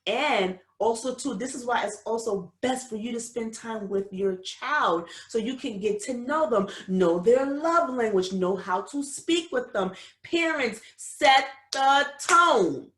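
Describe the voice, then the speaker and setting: A woman's voice: fairly high pitch, a little slow. A woman, hosting a casual advice podcast and talking straight to parents in an emphatic, preachy way. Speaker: podcast host. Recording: roomy echo.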